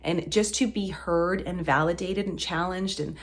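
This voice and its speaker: A woman's voice: lowish voice, normal speed. A woman in her thirties chatting to camera as a vlogger, heartfelt and close to tears, with many fillers. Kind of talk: casual chat to camera.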